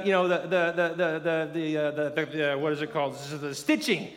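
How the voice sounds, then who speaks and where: A male pastor preaching a sermon in a lively, conversational way, calling on the congregation to repeat lines after him. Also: on the high side, fairly quick, few pauses. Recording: long reverb of a large hall.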